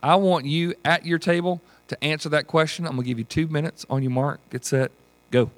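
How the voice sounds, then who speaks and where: A man, leading a Bible study as pastor in a folksy, animated teaching style and acting out voices. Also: a little high, fairly quick, no echo. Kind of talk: teaching sermon with group discussion.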